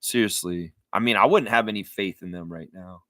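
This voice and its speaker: This is a man with a deep voice and a brisk pace, hosting a casual live stream where he reacts to basketball as a sports fan. He talks loosely and animatedly, swears freely, and acts out what other people said. There's no room sound.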